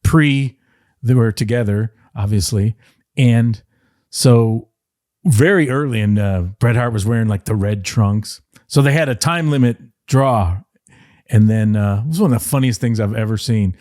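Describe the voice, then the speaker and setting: A middle-aged man from the Detroit area, a podcast guest, telling rambling, animated stories and slipping into playful voice impressions. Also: fairly low pitch, normal speed, dry recording, clean studio sound. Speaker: podcast guest, former wrestling writer. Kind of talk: casual interview storytelling.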